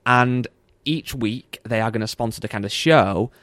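A man co-hosting a casual podcast, jokey and lively, often laughing between points. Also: mid-range voice, moderate pace, no echo. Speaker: podcast co-host.

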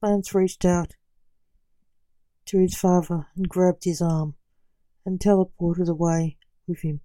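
A woman reading a fan-fiction story aloud in plain, unhurried narration. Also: on the low side, fairly even intonation, mellow, no echo, poor audio. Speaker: reader.

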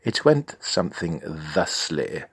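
Deep-voiced deadpan storyteller man. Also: slow pace, creaky, breathy edge, no echo, studio quality. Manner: mock-grand, deadpan, profane. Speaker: comic storyteller. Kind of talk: comic story narration.

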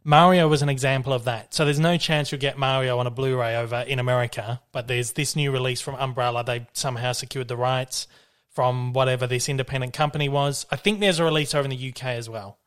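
A man's voice: mid-range voice, fairly even intonation, fast talker, hardly any pauses, fairly bright tone, smooth. Chatty man rambling about films. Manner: rambling, with frequent restarts and swearing. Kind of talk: casual chat about films.

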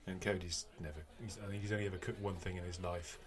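A man's voice: low-pitched, steady tone, fast talker, over music. A British man hosting a podcast from home, chatting easily with restarts and fillers. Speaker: podcast host. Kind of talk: casual chat and scripted episode intro. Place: home, remote call.

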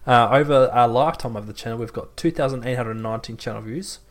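A man's voice: medium pitch, quick pace. Man reading a list aloud. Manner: reads out a list in a mock-formal tone, breaks into laughter. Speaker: podcast co-host. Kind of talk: casual chat.

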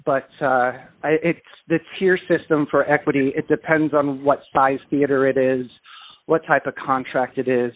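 A man from England, a singer and dancer, telling a story over the phone in an animated, self-deprecating way with frequent restarts. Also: mid-range voice, moderate pace, dry recording. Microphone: telephone. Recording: tinny phone line.

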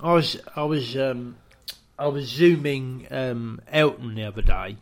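A man's voice: mid-range voice, unhurried, slight background noise. A man co-hosting a comedy podcast, telling a rambling improvised story full of "I says" and "right?".

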